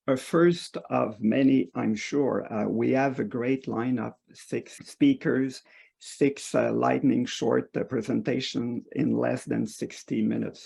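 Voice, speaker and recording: A man opening an online meetup as facilitator, halting with many fillers over a video call. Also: mid-range voice, vocal fry, a little mellow, breathy edge.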